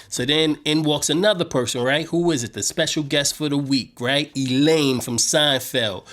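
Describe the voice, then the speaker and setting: A man hosting a casual recap, talking slangy and animated, retelling scenes. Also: medium pitch, moderate pace, few pauses. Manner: slangy, animated, paraphrases scenes in his own street voice. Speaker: show host.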